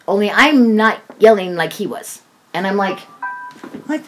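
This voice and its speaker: A woman's voice: medium pitch, lively intonation, fairly quick. A middle-aged woman and mother, talking about her son in a heated, emotional conversation and swearing freely. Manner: heated, swears freely, acts out others' voices.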